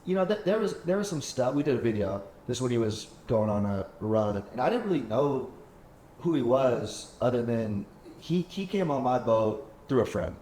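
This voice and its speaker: A man's voice: mid-range voice, very animated, moderate pace, dark tone. A man hosting a casual chat, telling rambling stories and acting out what others said. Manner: rambling storyteller, acts out quoted talk. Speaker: podcast host. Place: penthouse apartment. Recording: echoey room, faint background hum.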